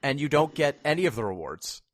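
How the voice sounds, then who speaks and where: A man's voice: a little high, sing-song, a little fast, no echo, clean studio sound. A man co-hosting a casual podcast chat, explaining things at length with wry asides. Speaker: podcast co-host.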